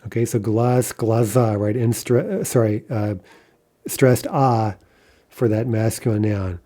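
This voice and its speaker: A man with a fairly low, mellow voice teaches a language lesson online, speaking a little slowly. He works through examples one by one in a methodical way, regularly asking "right?" and saying "okay" to check in.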